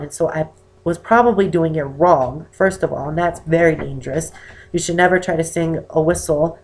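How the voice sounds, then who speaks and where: An eighteen-year-old man with a naturally high voice, chatting to camera in a rambling, self-conscious way. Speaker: vlogger answering a viewer question. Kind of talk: casual chat to camera.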